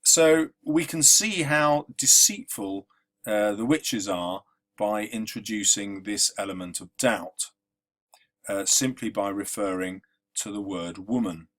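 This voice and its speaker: A man's voice: on the low side, takes it slowly, a bit bright. A man teaching a literature lesson, conversational and explanatory, with frequent ums and uhs. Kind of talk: exam-revision lesson.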